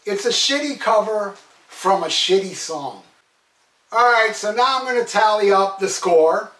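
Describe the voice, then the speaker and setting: High-voiced man mocking songs in an echoey room. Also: animated, measured pace, sharp tone. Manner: profane, mocking, sarcastic. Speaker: album reviewer. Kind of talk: casual review monologue. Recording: echoey room, mic at a distance.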